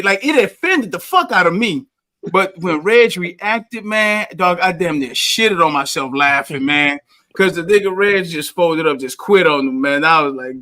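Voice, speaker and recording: A man's voice: high voice, expressive, moderate pace, bright, forceful tone. A man hosting a podcast, telling a funny barbershop story in casual, profane banter and laughing as he goes.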